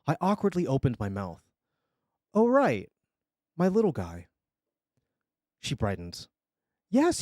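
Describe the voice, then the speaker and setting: Expressive man reading a scary story. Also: mid-range voice, dry recording, clean studio sound. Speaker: streamer telling a story.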